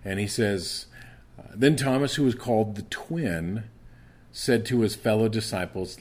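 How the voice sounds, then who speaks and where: A man's voice: fairly low pitch, measured pace. A man preaching a conversational sermon, reading scripture aloud and explaining it. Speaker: pastor.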